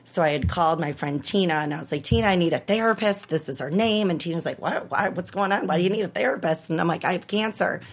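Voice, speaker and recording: A woman in her thirties tells a personal story in an interview, her voice fairly low for a woman. She is animated and acts out the other people's lines. Her pitch jumps high when she relives the hardest moments. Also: fast, few pauses. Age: 30s. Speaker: interview guest.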